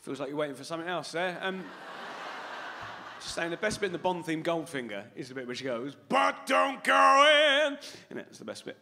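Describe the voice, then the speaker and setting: A man's voice: a little high, fast, a bit bright, a little hiss or hum. A man doing live stand-up comedy on a big concert hall stage, sweary and playful, teasing the crowd.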